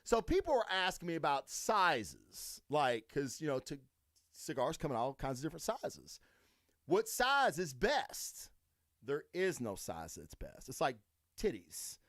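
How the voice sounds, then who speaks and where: A man's voice: fairly high pitch, wildly swooping pitch, unhurried, fairly bright tone, no echo. Guy rambling on his podcast, cussing nonstop, voice bouncing all over, dry close sound. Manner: crude, rambling, swears constantly. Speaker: podcast host. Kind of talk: profane casual monologue.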